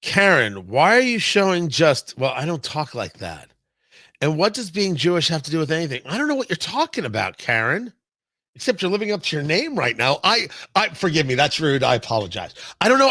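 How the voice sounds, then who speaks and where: A talk show host, male, with a lively up-and-down delivery, reading viewer comments and bantering sarcastically. His pitch sits a bit high for a man. The sound is dry and close, with no room echo. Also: fairly quick. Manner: rambling, many restarts and fillers.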